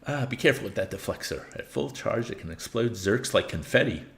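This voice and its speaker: A man's voice: fairly low pitch, expressive, brisk, creaky. A man reading as a lonely old robot inventor. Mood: cautioning. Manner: reads game text aloud, earnest and warning. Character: lonely older male robot inventor, fretful.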